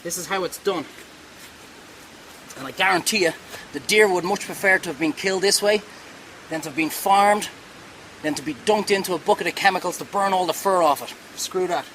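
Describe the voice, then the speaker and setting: A man's voice: sits high, a little fast, long pauses, fairly bright tone, a little hiss or hum, rough recording. A man hosting a cooking show, talking viewers through a hands-on demonstration in a chatty, reassuring way that wanders off topic.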